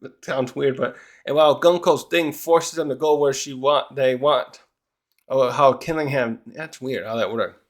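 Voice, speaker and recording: A man's voice: mid-range voice, moderate pace. A man casually reviewing a comic chapter, thinking aloud with many restarts and acting out characters' lines. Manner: rambling, full of restarts and fillers; animated, acts out characters' lines. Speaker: manga reviewer.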